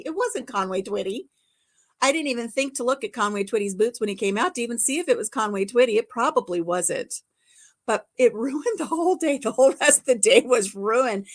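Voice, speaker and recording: An older woman hosting a casual livestream chat, telling stories warmly and laughing often. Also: on the high side. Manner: chatty storyteller, laughs often. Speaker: livestream host.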